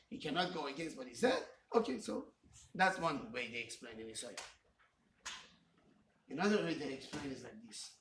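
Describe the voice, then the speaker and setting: Male rabbi, high and animated, acting out scripture dialogue; echoey hall, mic at a distance. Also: slight background noise. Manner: animated, acts out dialogue with God; mixes Hebrew and Yiddish terms into English. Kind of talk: Torah class. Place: study hall. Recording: roomy, from a distance.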